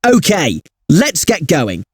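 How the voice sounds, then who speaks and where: A man playing a friendly punctuation tutor, presenting educational software in an upbeat, chatty way, talking straight to the user. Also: on the high side, huge pitch swings, slow, slight background noise, exaggerated voice.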